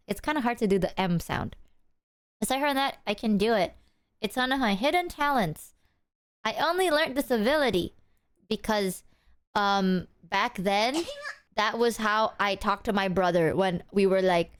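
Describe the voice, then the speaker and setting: A woman's voice: medium pitch, normal speed, smooth. A woman streamer chatting casually with her viewers, playful, laughing often and swearing freely. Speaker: livestreamer.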